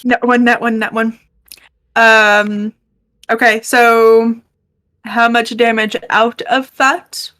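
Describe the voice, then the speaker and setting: A woman running a tabletop game as game master, pausing to check her notes as she talks. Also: a little high, little pitch movement, a bit bright. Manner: stop-start, checking notes aloud.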